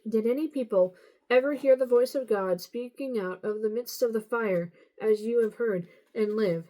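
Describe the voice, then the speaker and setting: A woman reading the Bible aloud at a steady pace, now and then stumbling and correcting herself. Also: fairly high pitch, normal speed, poor audio. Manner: steady reading with occasional slips and self-corrections. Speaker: Bible reader.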